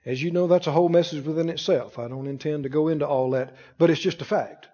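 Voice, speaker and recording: A high-pitched male pastor preaches forcefully at a quick pace with a steady tone, asking the congregation rhetorical questions and having them repeat after him. His voice rings with a long reverb tail in a large hall, while the recording sounds dull and muffled with the highs rolled off.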